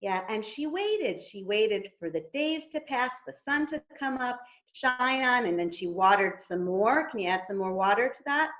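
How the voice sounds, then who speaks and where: A woman telling a story at a storytime for toddlers, gently coaxing the children to join in. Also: a little high, animated, moderate pace, hardly any pauses, muffled recording.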